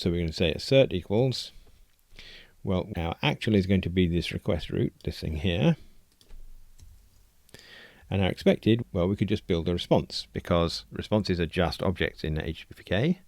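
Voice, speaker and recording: A man's voice: low voice, creaky, darkish tone, dry recording. A man hosting a programming tutorial, thinking aloud in a conversational, explanatory way as he walks through code on a close desk mic. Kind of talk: screencast coding walkthrough.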